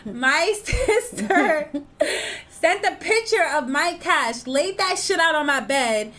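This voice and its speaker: A woman's voice: high-pitched, slow. A young woman co-hosting a podcast, telling a story in casual chat and acting out what people said. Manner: animated storytelling, acts out quotes loudly. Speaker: podcast co-host.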